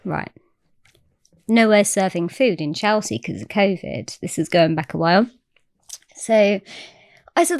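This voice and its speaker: A woman guest on a podcast telling a story in casual chat, animated and swearing freely. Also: mid-range voice, a little slow, no room sound, studio quality.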